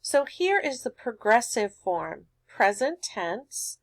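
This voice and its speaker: A woman's voice: a little high, big pitch swings, slow, no echo. A woman teaching a recorded grammar lesson, patiently explaining step by step with everyday examples.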